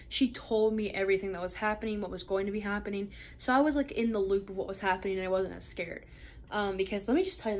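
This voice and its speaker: Woman in her twenties, casual vlogger, rambly storytelling with laughing asides. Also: mid-range voice. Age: 20s. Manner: chatty, many fillers and laughing asides.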